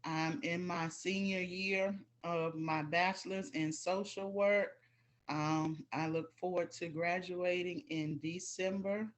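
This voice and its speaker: A woman student introducing herself on a video call in a measured, reciting way. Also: lowish voice, fairly even intonation.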